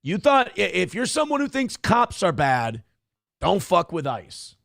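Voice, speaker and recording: A man's voice: sits high, wildly swooping pitch, unhurried, creaky, a bit bright, no echo, clean studio sound. A man hosting a livestream show, reading chat messages aloud and ranting bluntly with lots of profanity. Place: home studio.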